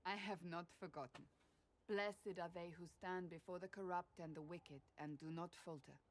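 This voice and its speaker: A woman's voice: on the low side, steady tone, moderate pace, slight background noise, natural voice. A woman voicing a stern, devout female warrior in video game dialogue, speaking firmly and solemnly. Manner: firm and solemn.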